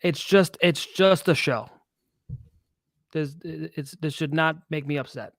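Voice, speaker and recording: A man giving blunt sports betting picks in casual talk, quick to get frustrated and often stumbling over his words. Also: a little high, no room sound.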